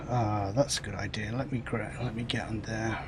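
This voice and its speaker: A northern English man on a gaming stream, playing a space game, chats casually with a friend and patiently explains words. His voice is lowish and flat at normal speed, with background noise audible.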